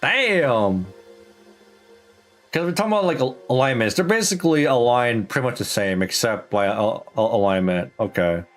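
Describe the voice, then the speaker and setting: A man's voice: mid-range voice, lively intonation, normal speed, faint music behind. A man streaming a game, thinking aloud in casual, slangy chat with plenty of swearing. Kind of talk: casual gameplay commentary.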